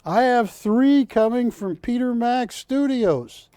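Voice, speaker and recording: A man hosting a live shopping channel, pitching art to callers with persuasive repetition. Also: lively intonation, slow, warm tone, no echo, clean studio sound. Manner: persuasive, repeats words for emphasis. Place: TV studio.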